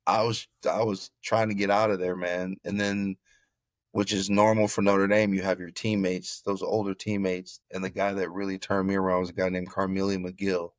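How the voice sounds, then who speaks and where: A middle-aged man from Florida, a former football player, telling his story in an interview with animated, repeated phrases. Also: sits low, moderate pace, no room sound.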